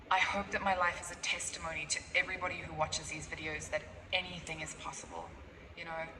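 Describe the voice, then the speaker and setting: Chatty young woman vlogging, noisy background. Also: low voice. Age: 20s. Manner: rambling, excitable, chatty. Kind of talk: casual vlog chat.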